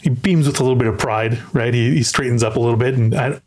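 A man's voice: medium pitch, steady tone, very fast, darkish tone. A man hosting a podcast, chatting casually about a film and often repeating words as he thinks aloud. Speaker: podcast host.

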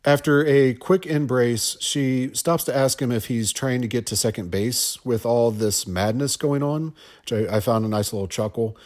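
A man's voice: medium pitch, normal speed, darkish tone. A man guest-hosting a podcast, rambling through a scene-by-scene movie commentary with stammers, restarts and wry asides. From Ohio.

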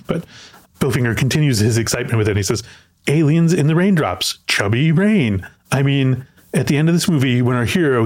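A man's voice: medium pitch, slightly rough. A man hosting a podcast, chatting casually about a film and often repeating words as he thinks aloud. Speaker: podcast host.

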